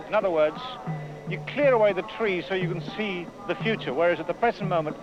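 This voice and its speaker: A man's voice: high voice, fairly quick. A man, a writer, answering interview questions with dry, self-mocking humour. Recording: lo-fi with music behind.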